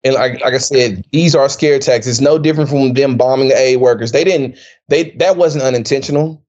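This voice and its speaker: A man's voice: medium pitch, fairly quick, a little mellow. Blunt man co-host, dull audio. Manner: blunt, repeats words when heated, swears. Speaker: podcast co-host. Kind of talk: casual political chat. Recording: dull-sounding podcast audio.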